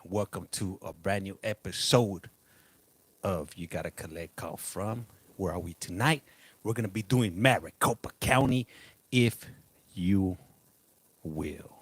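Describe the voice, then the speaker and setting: Low-voiced middle-aged man hosting a chatty live stream. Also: normal speed, slightly rough, no room sound. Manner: greets viewers by name, chatty, repeats stock phrases. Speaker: livestream host. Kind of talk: casual live-stream chat.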